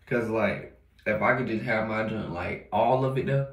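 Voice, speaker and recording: A man's voice: fairly low pitch, normal speed. A young man vlogging in a casual, rambling monologue, full of slang and swearing, often repeating himself. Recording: roomy echo.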